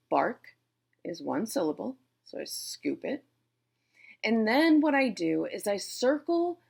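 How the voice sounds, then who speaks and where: A woman's voice: mid-range voice, vocal fry, breathy edge. A woman teacher from Boston with a Boston accent, explaining syllable types step by step and talking playfully to her viewers. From Boston, USA. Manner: playful, addresses viewers directly. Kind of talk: classroom instruction on syllable types.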